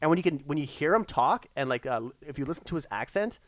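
A man's voice: fairly high pitch, animated, fast, no room sound. A man in casual chat, rambling eagerly with many restarts.

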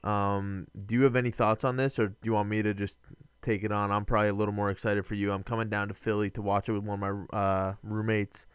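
A man's voice: lowish voice, flat delivery, fast talker, smooth, no echo, highs cut off. A young man co-hosting a podcast, chatting casually about fights in a rambling, enthusiastic way that keeps correcting itself. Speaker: podcast co-host. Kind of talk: casual sports chat.

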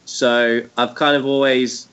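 A man's voice: medium pitch, flat delivery, slow, fairly bright tone, clear, resonant tone. Guest man, muffled line. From United Kingdom. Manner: hesitant, self-deprecating, chuckling. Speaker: podcast guest. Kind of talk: casual podcast chat.

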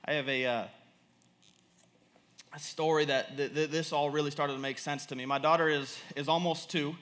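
A young man preaches a sermon in an animated, repetitive way, laughing as he shares stories about his daughter. He's quick to laugh and his pitch rises readily.

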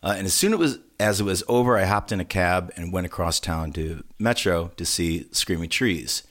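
A man's voice: low-pitched, animated, normal speed, fairly bright tone. A man co-hosting a podcast, telling a story in a casual, self-deprecating and rambling way. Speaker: podcast co-host.

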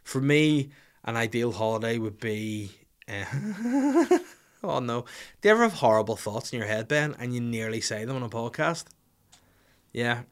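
A man's voice: medium pitch, animated, normal speed. A man, hosting a podcast in casual, rambling comic banter full of crude jokes. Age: 30s. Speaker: podcast host. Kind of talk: casual chat.

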